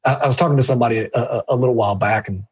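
Male podcast guest, husky voice, punchy coaching delivery with jumpy pitch. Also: very fast, darkish tone. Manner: emphatic, jumpy pitch, direct address to listener. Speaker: guest reviewing a book on sales. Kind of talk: energetic coaching talk.

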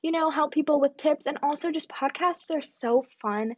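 A woman's voice: sits high, normal speed. A young woman hosting her own podcast, chatting casually and rambling a little, with lots of fillers and self-deprecating asides. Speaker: podcast host. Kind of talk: casual solo podcast chat. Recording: dull lo-fi home recording.

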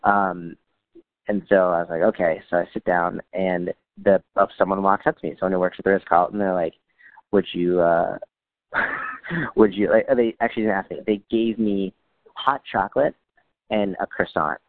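Low in pitch and moving at an ordinary speed, his voice has no echo, and the audio sounds dry and phone-like. He's a guest swapping funny anecdotes with dry wit, animatedly impersonating what others said.

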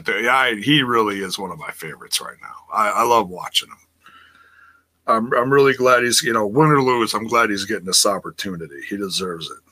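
A man's voice: on the low side, pushed and bright, breathy edge. A man hosting a casual wrestling live stream, reading chat messages and rambling with repeated words and easy laughter.

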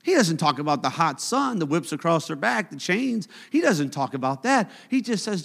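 A man's voice: fairly high pitch, sing-song, normal speed, gravelly, hardly any pauses, a bit bright. A man preaching a sermon in a church sanctuary, conversational and joking at times, then building to emphatic points. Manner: conversational and humorous, rising to emphatic. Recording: long church hall reverb.

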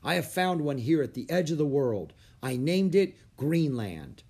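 A man voicing a gruff, burly Viking chieftain in a storybook reading. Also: on the high side, very animated, measured pace, darkish tone, pitched above the performer's own voice, exaggerated voice. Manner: gruff, commanding.

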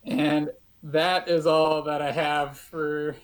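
A man narrating as the game master of a tabletop role-playing game, in a relaxed way with a few fillers. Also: a little high, takes it slowly, noisy background.

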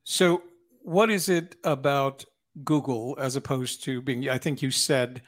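A man's voice: medium pitch, fairly even intonation, measured pace. Curious male podcast host. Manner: curious questioner, frequent backchannel. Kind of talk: casual interview chat.

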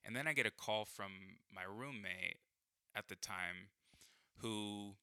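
A man's voice: on the low side, slow pace, sharp tone, smooth, no room sound, clean studio sound. A young man telling a personal story in casual chat, rambling, full of fillers and swearing.

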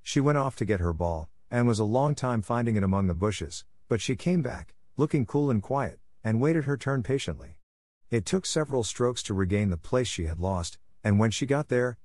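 A man narrating a classic novel audiobook in a steady, measured reading on a close mic. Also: lowish voice, no echo.

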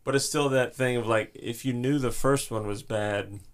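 A man's voice: medium pitch, normal speed. A man co-hosting a podcast, making joking asides in casual chat. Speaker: podcast co-host.

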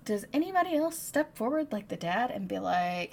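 A woman's voice: medium pitch, big pitch swings, moderate pace, creaky, darkish tone. A woman co-hosting a casual book podcast, retelling the plot with swearing and dramatic flair. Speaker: podcast co-host. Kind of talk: casual book-club chat.

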